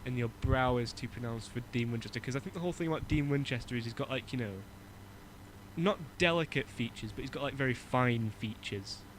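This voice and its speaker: A man's voice: mid-range voice, brisk, a little hiss or hum, rough recording. A man from Germany co-hosting a casual podcast chat over a voice call, rambling with many fillers and restarts and laughing often. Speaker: podcast co-host.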